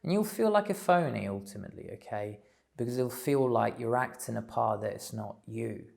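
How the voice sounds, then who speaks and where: A man giving a slow, thoughtful spiritual talk, pausing often with fillers. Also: medium pitch, expressive, gravelly, darkish tone. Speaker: spiritual teacher. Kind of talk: reflective solo talk.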